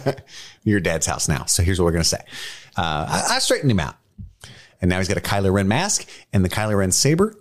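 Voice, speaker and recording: Very deep-voiced joking dad. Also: male voice, wildly swooping pitch, fairly quick. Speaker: podcast co-host, father. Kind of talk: casual chat.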